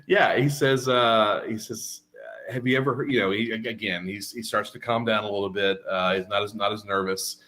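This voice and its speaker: A man's voice: lowish voice, fairly even intonation, normal speed, hardly any pauses, pushed and bright. A man narrating as game master in a rambling, casual way. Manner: rambling, full of fillers and laughs.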